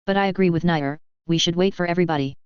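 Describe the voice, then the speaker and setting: A woman voicing a calm, sly young female samurai in a story reading, smooth and low, on dull lo-fi audio. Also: quick pace, no room sound, natural voice.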